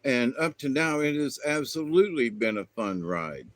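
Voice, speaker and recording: A man's voice: mid-range voice, big pitch swings, moderate pace. A man hosting his own spiritual channel, talking in a meandering, folksy way with lots of fillers. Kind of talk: rambling spiritual monologue.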